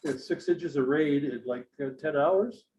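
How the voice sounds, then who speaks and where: A man in casual chat, telling anecdotes in an animated way. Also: on the high side, unhurried, a little hiss or hum, poor audio. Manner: animated storyteller.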